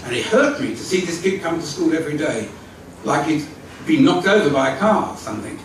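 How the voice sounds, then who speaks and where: A man's voice: a little high, fairly quick, slight background noise. An older man giving a storytelling talk at a community evening, acting out the people in his story, recorded from a distance in a large hall. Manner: vivid storytelling with acted-out quotes, lively. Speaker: speaker at a community evening, former school leader. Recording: echoey hall from far off.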